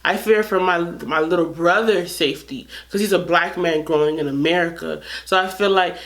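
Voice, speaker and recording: A woman vlogger with a lowish voice tells a story to camera at a moderate pace in a casual way. She comes across as earnest and frustrated, often starting her sentences over.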